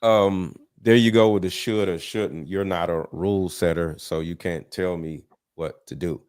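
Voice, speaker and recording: A man's voice: low voice, steady tone, unhurried, a little mellow. A man arguing heatedly in a debate, emphatic and profane, cutting in with "listen" and "hold on". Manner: emphatic, repeats himself, profane; interrupts with 'listen' and 'hold on'. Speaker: guest debater.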